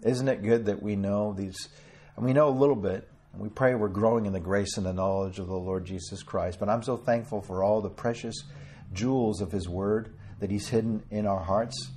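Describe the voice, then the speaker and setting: Guy preaching to a small church, husky lowish voice, fervent and drawn-out on the bible verses. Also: darkish tone. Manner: earnest, fervent, often slowing to stress scripture; quotes King James scripture with a chuckle between. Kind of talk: sermon.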